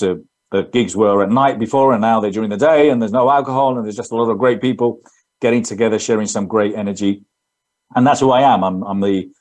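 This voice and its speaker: A man's voice: lowish voice, darkish tone. Earnest man with an English accent. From England. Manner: earnest, rambling, restarts often. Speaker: guest entrepreneur. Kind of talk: interview answers.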